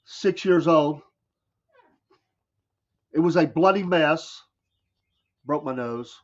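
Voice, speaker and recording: A Southern American man hosts a casual morning show, reading chat comments and telling folksy stories with frequent laughs. His voice sits a little high for a man. The audio is dull and lo-fi. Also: slow pace. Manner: folksy storytelling, laughs often. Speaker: radio show host.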